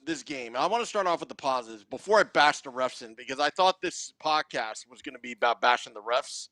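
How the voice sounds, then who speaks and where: A man's voice: medium pitch, animated, a little fast, sharp tone, dry recording. Analytical male podcast co-host, dry sound. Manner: methodical, list-like analysis. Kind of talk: sports analysis chat.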